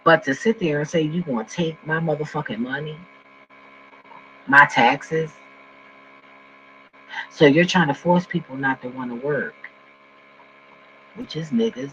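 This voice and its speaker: A man ranting casually and profanely to his viewers from home, swinging between loud outbursts and low mumbling. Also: a little slow, long pauses. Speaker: vlogger. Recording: dull lo-fi recording with faint mains hum.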